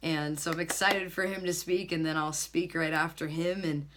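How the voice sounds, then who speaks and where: A woman worship leader giving a casual church announcement, bubbly and laughing often, repeating words when she gets excited. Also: low-pitched, moderate pace.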